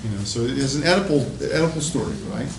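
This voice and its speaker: A male university lecturer gives an informal, animated lecture, spinning stories in a chatty tone. His voice sits in a middle register. The classroom is echoey, with a faint hum underneath. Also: mid-range voice, quick pace.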